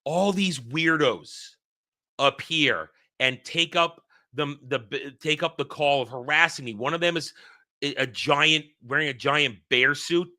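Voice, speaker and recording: His voice sits fairly high, measured in pace and sharp in tone. The channel host narrates a long dream by himself, casually and heatedly, rambling and restarting again and again.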